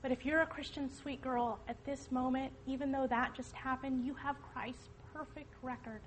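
Middle-aged woman speaking at church, earnest and emphatic, a bit high, faint hiss behind. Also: fairly even intonation, normal speed, low-quality recording. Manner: earnest, emphatic, preaching to the audience. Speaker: speaker at a church women's event. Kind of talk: testimony talk to an audience.

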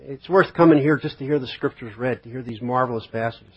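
Brisk and barely pausing, a pastor with a mid-range, breathy-edged voice preaches in a conversational style, peppering the sermon with rhetorical questions and dramatized quotes. The recording is dull and lo-fi.

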